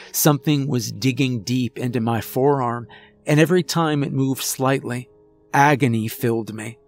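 Slow-paced male horror narrator. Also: mid-range voice.

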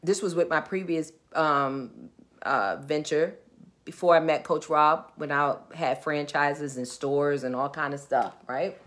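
A woman's voice: deep voice, measured pace, fairly bright tone. A woman with a New York accent hosting a live business Q&A, chatty and digressive, talking straight to viewers. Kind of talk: casual live-stream chat. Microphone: webcam or phone on a live video stream.

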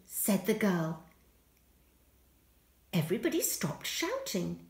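Nursery teacher reading aloud to small children; high, lively, slow sing-song delivery in an echoey room. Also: female voice. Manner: gentle, expressive and sing-song. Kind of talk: storybook reading to young children.

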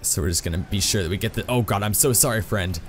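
A man doing excitable, self-mocking live commentary while playing a video game, full of exclamations. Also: on the low side, quick pace, soft background music. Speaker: gaming YouTuber.

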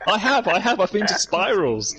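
A man's voice: high voice, very animated, normal speed, crowd noise. A man hosting a game stream, bantering crudely with friends over voice chat and laughing often.

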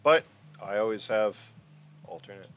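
A man's voice: on the low side, expressive, moderate pace, fairly bright tone. A man narrating as game master in a casual, profane, teasing way.

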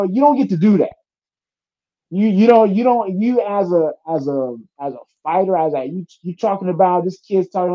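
A man's voice: high-pitched, normal speed, muffled recording. A young adult man, a fighter, chatting casually in an interview and telling stories with acted-out quotes and plenty of swearing. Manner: animated storytelling, acts out quotes, swears freely. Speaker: UFC fighter.

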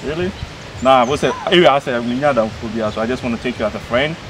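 A man's voice: mid-range voice, quick pace, noisy background, lightly acted. A man playing a pushy flirt. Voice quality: pidgin-laced, persistent pleading.

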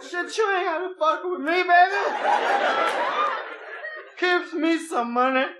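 A man voicing a belligerent male drunk in a bar, with shouting, slurred, sing-song talk. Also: extremely high pitch, slow, very noisy, pitched above the performer's own voice. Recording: echoey club with crowd laughter.

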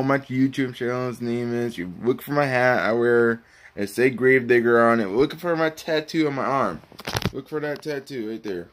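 A man talking casually to his viewers, rambling and pleading for likes and subscribers. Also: mid-range voice. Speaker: YouTuber. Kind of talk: casual vlog talk.

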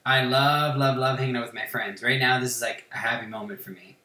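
A man's voice: mid-range voice, fairly even intonation, fairly quick, bright, forceful tone, reverberant. A man hosting a gaming channel, chatting casually while he plays. He rambles and swears a lot, and he mocks himself. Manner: rambling, profane, self-mocking. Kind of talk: casual chat while playing a game.

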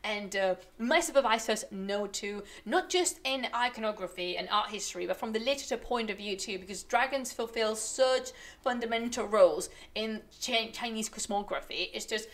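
A young woman whose first language is not English, ranting on a live stream in an animated, exasperated way and thinking aloud. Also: fairly high pitch. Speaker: streamer and researcher. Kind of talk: casual ranting stream commentary.

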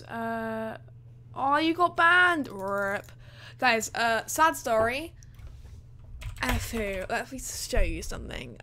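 A woman's voice: on the high side, pushed and bright, a little hiss or hum. Hyper chatty girl streamer. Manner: hyper, chatty, many fillers. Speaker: gaming streamer. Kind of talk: excited livestream chat.

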